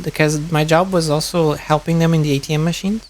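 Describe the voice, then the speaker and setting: A man's voice: a little high, little pitch movement, a little fast. A man, streaming and chatting casually, telling stories with frequent laughs and swearing. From Brazil. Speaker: streamer reacting to a video. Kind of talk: casual chat.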